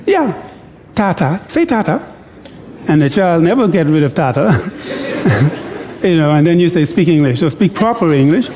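A male preacher giving an interactive sermon in church. He jokes, coaxes the congregation into call-and-response, and reads scripture slowly and deliberately. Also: fairly high pitch, big pitch swings, mellow, in a large hall, a little hiss or hum.

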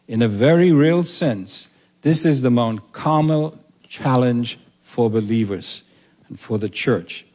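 A man preaches a sermon at a middle pitch, earnest and emphatic. He presses his points and slows down when he reads scripture. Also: animated, a little mellow. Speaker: pastor.

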